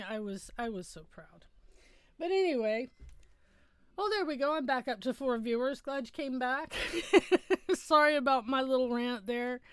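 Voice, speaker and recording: A woman's voice: sits high, animated, a little slow, clean tone, no room sound. A middle-aged woman hosting a casual livestream from home, chatting in a rambling way and correcting herself as she goes.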